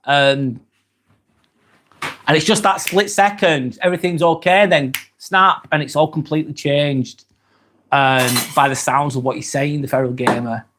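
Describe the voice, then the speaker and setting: A man's voice: on the high side, unhurried, background noise. A man, hosting a live stream and chatting casually through viewer comments, earnest and hesitant, with many ums and apologies. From England. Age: 40s.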